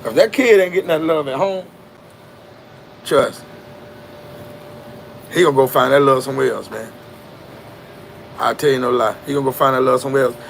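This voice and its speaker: A man's voice: mid-range voice, moderate pace, gravelly, long pauses, slight background noise. A man telling a story in a casual, slangy, emphatic monologue with a preachy edge.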